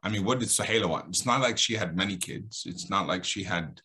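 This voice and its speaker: A man speaks as a guest on an Islamic talk show. His voice has a bright, forceful edge. He tells a story with lively, dramatic emphasis that rises and falls. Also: deep voice, fairly quick.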